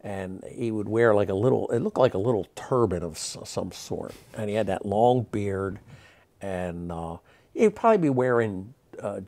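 A man in his sixties, a magic historian, telling stories in an interview, animated and rambling with many fillers and restarts. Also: on the low side, creaky. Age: 60s. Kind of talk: interview storytelling.

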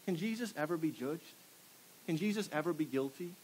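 A man's voice: a little high, lively intonation, brisk, darkish tone, a little hiss or hum, poor audio. A man preaching a sermon to a congregation, firing rhetorical questions and pushing for call-and-response answers. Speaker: pastor. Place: church before a live congregation.

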